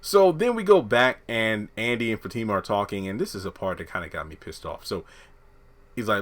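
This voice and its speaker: A show reviewer gives a chatty, slangy recap of a TV episode, acting out the characters' lines as he goes. His lowish voice is expressive, brisk and a bit bright.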